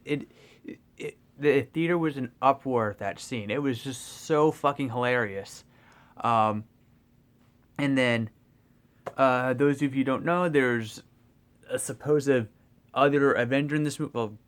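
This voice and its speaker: Young guy rambling on about a movie, excitable, lots of ums and likes, swears a bit, mid pitch. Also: moderate pace. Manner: swears casually. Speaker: movie vlogger. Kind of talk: casual spoiler review.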